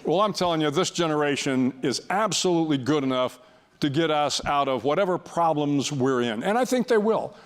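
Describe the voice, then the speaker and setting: A man's voice: on the high side, lively intonation, a little fast. An older man speaking as a guest before an audience, telling a story in a wry, self-deprecating way with frequent restarts.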